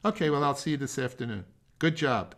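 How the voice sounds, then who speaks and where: An older man leading a remote music masterclass over a video call, giving feedback in a halting, rambling way with self-deprecating jokes. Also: mid-range voice, lively intonation, fairly bright tone.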